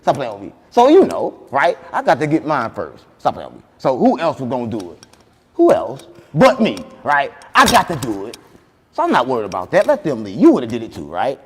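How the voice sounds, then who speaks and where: A man hosting a podcast, boasting in animated banter and repeating catchphrases, loud one moment and soft the next. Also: mid-range voice, brisk, husky, big-room sound. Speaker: podcast host.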